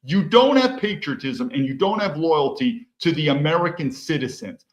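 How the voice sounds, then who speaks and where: A man's voice: a little high, animated, normal speed, poor audio. A man ranting on his own commentary stream, heated and profane, often restarting his sentences. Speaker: livestream commentator. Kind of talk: solo political commentary stream.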